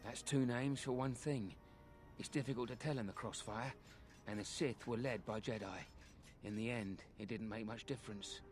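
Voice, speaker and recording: A weary male refugee beggar with a posh British accent, voiced by an actor in a video game. He speaks in a measured, matter-of-fact way, worn down but street-wise. His voice sits at an ordinary middle pitch. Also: fairly even intonation, close to an everyday voice. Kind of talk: game voice acting.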